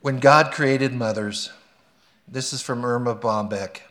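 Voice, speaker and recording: Male pastor, animated storyteller, mid-pitched, earnest in prayer. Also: a little slow. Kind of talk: sermon with a read story and prayer.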